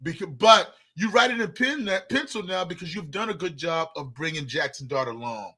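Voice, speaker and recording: A man's voice: a little high, expressive, normal speed, pushed and bright, breathy edge. A man co-hosting a sports talk show, arguing emphatically and repeating words as he gets going. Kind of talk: casual sports debate.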